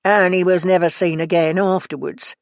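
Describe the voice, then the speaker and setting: A woman's voice: fairly low pitch, steady tone, normal speed, dry recording, natural voice. A woman voicing Ricky, a wry, teasing man with a blunt way of talking, in an audiobook. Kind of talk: audiobook character voice.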